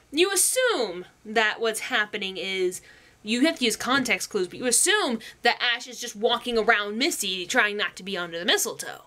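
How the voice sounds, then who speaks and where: A young woman chatting casually as a reviewer, giggly and animated. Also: on the high side. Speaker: music reviewer.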